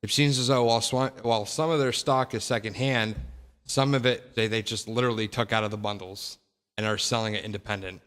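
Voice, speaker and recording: A man with a low voice joins a casual podcast as a guest. He talks offhandedly and often turns away from the microphone. His voice sounds distant, with a long room reverb. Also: fairly even intonation, fairly quick, a bit bright. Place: studio apartment. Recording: distant from mic, roomy echo.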